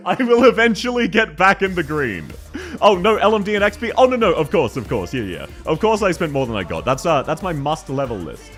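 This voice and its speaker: Animated streamer, lively voice. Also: male voice, on the high side, moderate pace, soft background music. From Australia. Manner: animated, jokey, reads chat aloud and laughs often. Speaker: game streamer. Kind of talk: casual live-stream chat while gaming.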